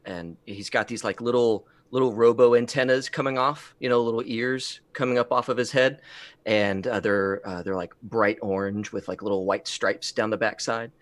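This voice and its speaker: A man's voice: lowish voice, fairly even intonation, moderate pace, dry recording. A man playing a tabletop role-playing game, rambling and restarting as he describes scenes. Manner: rambling, many restarts and fillers. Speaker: player. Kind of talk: casual tabletop play.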